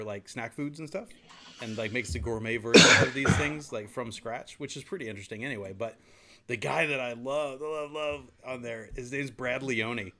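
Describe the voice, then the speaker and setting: A man with a Southern US accent hosting a casual podcast chat, easygoing and chuckling, with drawn-out vowels. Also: mid-range voice, bright, forceful tone. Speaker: podcast host.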